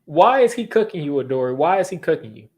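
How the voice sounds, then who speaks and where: A man's voice: on the high side, sing-song, fast, a little mellow. A young man hosting a sports fan channel, ranting in exasperation during a live football reaction, repeating himself as he vents.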